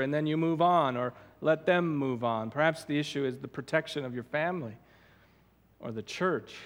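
A male pastor delivers an expository sermon in a fairly high voice, stressing key words and repeating himself for emphasis. His voice carries a long reverb from a church sanctuary.

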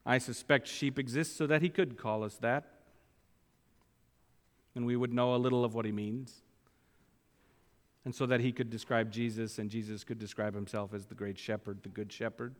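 A man's voice: mid-range voice, steady tone, moderate pace, long pauses. A man preaching a sermon, repeating key phrases for emphasis and reading scripture aloud with mounting force. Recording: long hall reverb.

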